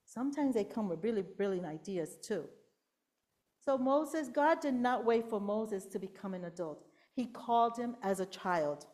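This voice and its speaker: A woman's voice: mid-range voice, expressive, moderate pace. A middle-aged woman giving a sermon to a congregation, telling a Bible story and acting out the quotes, sometimes dropping to a whisper. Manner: storytelling with acted-out quotes, whispering to show how softly God speaks. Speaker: preacher.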